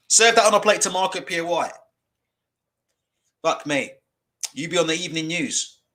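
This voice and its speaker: A man live streaming and reacting to pictures from his computer. He talks in an animated way, swears freely and laughs often. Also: on the high side.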